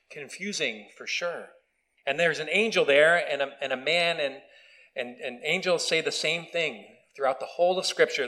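A man's voice: on the high side, sharp tone, rough recording. Conversational man preaching a sermon. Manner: conversational, self-deprecating, with restarts. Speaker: pastor. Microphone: video recording.

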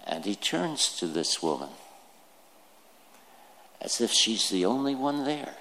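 A man preaching a sermon, slow and deliberate, putting questions to his listeners. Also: on the low side, very animated, bright, forceful tone, slight background noise. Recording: long hall reverb.

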